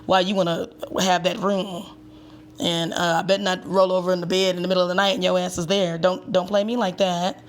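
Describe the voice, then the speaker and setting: A woman's voice: fairly low pitch, level tone, fairly quick, a little hiss or hum. A woman giving a sassy, chatty recap with emphatic asides, as the host of her own channel. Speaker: tarot reader and reality TV recapper. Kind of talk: casual commentary.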